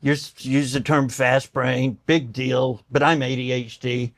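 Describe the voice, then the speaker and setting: Slightly slow and mid-range, the voice of an older man, a doctor and guest, carries conversational storytelling in which he enacts the voices of the people in his tales and becomes teary. Studio quality, free of room sound.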